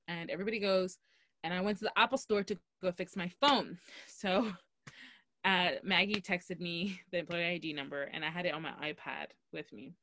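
A young woman co-hosting a podcast, telling a story in a lively, laughing way and acting out what people said. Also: on the low side, no echo, studio quality. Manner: animated, laughing, acts out quotes. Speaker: podcast co-host. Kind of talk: casual storytelling chat. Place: Los Angeles.

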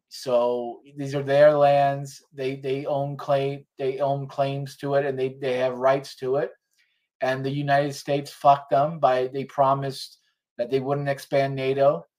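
A man talking as a guest on a casual political chat, ranting heatedly with restarts and swearing. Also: medium pitch.

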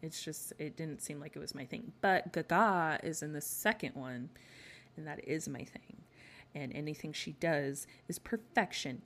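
A woman's voice: deep voice, normal speed, a bit bright. A woman hosting a podcast, chatting in a gossipy, sassy way with frequent rants. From not from the American South. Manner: gossipy, sassy, ranting with laughs. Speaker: podcast host. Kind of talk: casual chat.

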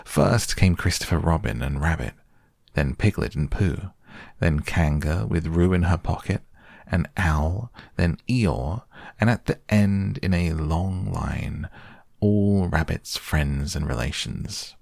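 A man reads a bedtime story slowly and gently. His voice is deep and gravelly, and the sound is close and dry. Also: no echo. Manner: slow, soft, gentle reading. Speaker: podcast reader. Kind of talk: soft bedtime audiobook narration.

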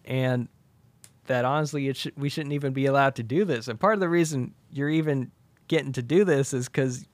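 A man on a podcast pitching a comedy movie sequel in casual storytelling, laughing often and jumping into squeaky high character voices. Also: brisk, no echo.

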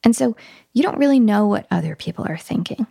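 A woman's voice: mid-range voice, expressive, brisk, creaky, dark tone, breathy edge, no echo, clean studio sound. A woman giving parenting advice in a casual podcast conversation, telling stories with animation and acting out playful talk with children. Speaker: parenting guest expert.

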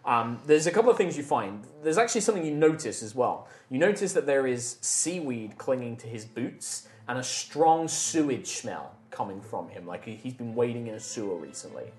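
A man's voice: medium pitch, sing-song, normal speed, few pauses. A man narrating as game master of a tabletop game, loose and rambling with many fillers. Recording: echoey room with faint music.

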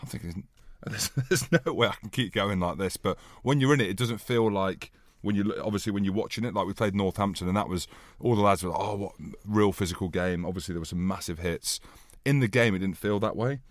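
Self-mocking man, low voice. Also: fairly quick, hardly any pauses, dry recording, studio quality. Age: 30s. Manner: self-mocking, animated storyteller. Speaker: rugby player, panelist. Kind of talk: casual podcast chat.

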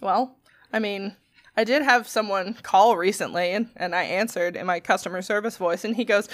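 A woman co-hosting a podcast, telling a story in casual chat, animated and laughing often, swearing freely. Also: mid-range voice, moderate pace, no echo. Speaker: podcast co-host.

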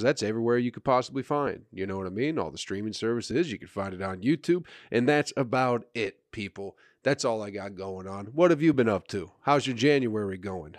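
A man's voice: fairly low pitch, no room sound, clean studio sound. A male comedian hosting his own podcast, rambling in a crude, sarcastic way with mock self-importance. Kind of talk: casual solo podcast monologue.

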